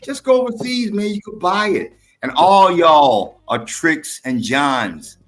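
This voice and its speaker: A man's voice: on the high side, expressive, slow, a bit bright, slight background noise, low-quality recording. An older man on a podcast panel, blunt and lecturing, arguing heatedly and talking over others.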